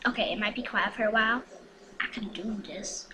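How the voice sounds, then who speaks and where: A woman's voice: on the high side, a little fast, very noisy. A woman recording casual gameplay commentary at home, hyper and chatty, with frequent whispered asides. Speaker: gaming vlogger.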